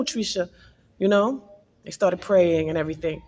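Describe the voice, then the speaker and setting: A woman's voice: medium pitch, a little fast, long reverb tail, slight background noise. A woman vlogger earnestly telling an emotional personal spiritual testimony.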